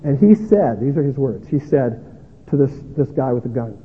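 A man's voice: medium pitch, animated, moderate pace, breathy edge. A man preaching a sermon as a pastor, earnest and self-deprecating, often restarting his words. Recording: tinny lo-fi sound in a long-echoing hall.

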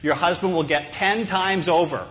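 Preacher voicing a wish-granting male frog from a pulpit joke, polite and fussy about the fine print, a bit high voice. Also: moderate pace, a bit bright, rough recording. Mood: bargaining. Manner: polite, bargaining, explains each catch.

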